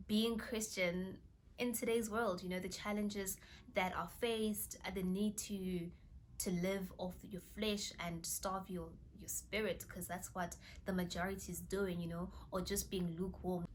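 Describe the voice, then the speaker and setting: A young woman vlogging from her bedroom, telling a faith story in a casual, animated way and reading scripture aloud. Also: fairly low pitch, measured pace, a little hiss or hum. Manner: animated, exclaiming, reads scripture aloud, drops to a whisper in awe.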